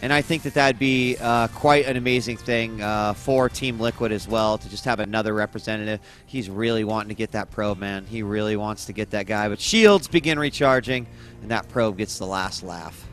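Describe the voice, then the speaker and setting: A man co-casting a video game match in an easygoing way, often pausing with fillers. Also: lowish voice, a bit bright, faint music behind. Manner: easygoing, hesitant with many fillers. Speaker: esports caster. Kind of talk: casual game commentary.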